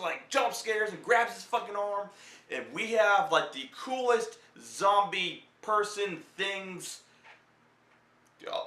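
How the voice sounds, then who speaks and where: Bright-voiced young man ranting casually. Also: sits high, roomy sound. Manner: rambling, profane, joking. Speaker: film reviewer. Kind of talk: casual film review.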